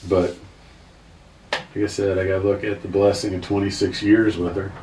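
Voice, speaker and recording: A man in his fifties with a very low voice tells his story earnestly, circling back and restarting his thoughts. He sounds set back from the mic in a roomy space with a faint hiss behind him. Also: flat delivery, normal speed, darkish tone, recorded from a distance. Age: 50s. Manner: earnest, rambling, restarts sentences. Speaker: guest. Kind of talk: emotional personal story.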